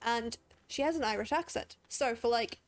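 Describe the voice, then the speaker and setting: A woman's voice: fairly high pitch, normal speed. A woman with an English accent and an Australian twang, chatting emotionally and laughing while streaming a game. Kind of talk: casual gaming commentary.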